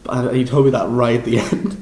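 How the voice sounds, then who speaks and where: A young man with a Liverpool accent, recapping a drama school audition in a rambling, excitable, self-deprecating way with lots of restarts. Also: medium pitch, fairly quick, reverberant, poor audio. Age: young adult. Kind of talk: casual vlog recap.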